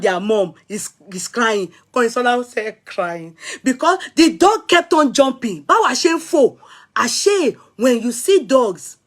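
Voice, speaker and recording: A middle-aged woman with a Nigerian accent, telling a personal story in a casual vlog, animated and dramatic, with soft asides. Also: on the high side. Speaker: vlogger.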